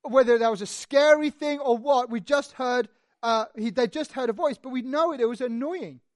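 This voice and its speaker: A preacher giving a sermon, telling the story in an animated, conversational way with lively asides. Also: sits high, moderate pace, dry recording, studio quality.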